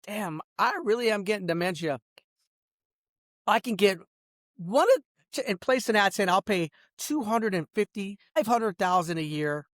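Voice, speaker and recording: A business owner with a high-sitting, fairly bright voice rants to camera, heated and boastful about his businesses, swearing and addressing the listener as bro and dog. He lurches between outbursts and mutters. The studio sound is clean, with no room sound.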